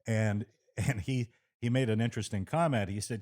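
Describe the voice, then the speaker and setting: A man hosts a casual interview. His voice sits low, and he stammers and restarts as he builds his questions. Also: normal speed, a little mellow. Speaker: interview host.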